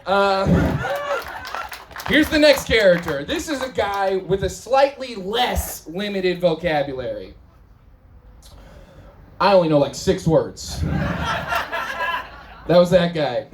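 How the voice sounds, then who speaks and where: A man doing a crude stand-up set at a live comedy show, with animated punchlines and bursts of shouting. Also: high-pitched, slight background noise.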